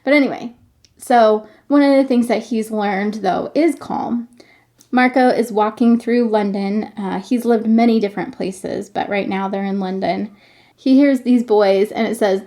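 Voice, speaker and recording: A woman's voice: mid-range voice, steady tone, unhurried, mellow. A woman podcast host chatting enthusiastically and reading a novel aloud.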